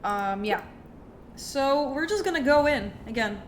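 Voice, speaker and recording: Woman streamer with a cold, casual playthrough chat, unhurried and filler-heavy. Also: high-pitched, lively intonation, slight background noise. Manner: chatty, thinks aloud with many fillers. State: has a cold. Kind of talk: casual game playthrough commentary.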